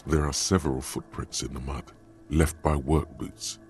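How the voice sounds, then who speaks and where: A man's voice: a bass voice, level tone, normal speed, darkish tone, slight background noise. A man giving dry, sardonic scripted narration for a video game.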